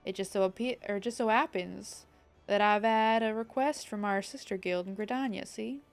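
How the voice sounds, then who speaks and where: A woman voicing a gruff male pirate-town guild master, reading game dialogue aloud with a rough drawl that slides into a southern US twang. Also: medium pitch, normal speed, faint music behind, natural voice.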